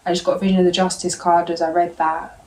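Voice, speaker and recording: A woman giving a tarot card reading straight to her viewers, in a gentle, meandering and reassuring way. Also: lowish voice, little pitch movement, fast, a little hiss or hum, poor audio. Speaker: tarot reader.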